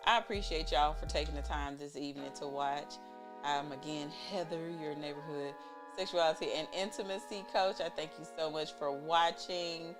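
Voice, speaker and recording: Chatty woman recapping, lowish voice. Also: moderate pace, music in the background. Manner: chatty, exasperated, animated retelling. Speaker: show recap host, intimacy coach. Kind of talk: casual recap commentary.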